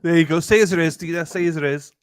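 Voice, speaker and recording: A man's voice: a little high, steady tone, quick pace, clear, resonant tone, no room sound. A man co-hosting a livestream, easygoing and agreeable, reading out chat comments.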